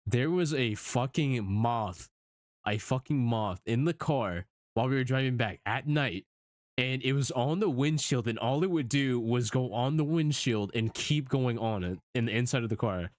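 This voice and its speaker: A young man streamer telling a story in casual chat, animated, swearing often and laughing as he goes. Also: medium pitch, normal speed, dry recording.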